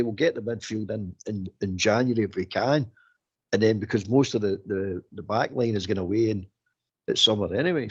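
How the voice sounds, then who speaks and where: A man on a football phone-in, talking in an exasperated, repetitive, animated way. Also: lowish voice, vocal fry, husky, highs cut off. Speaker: phone-in pundit. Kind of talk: casual football chat.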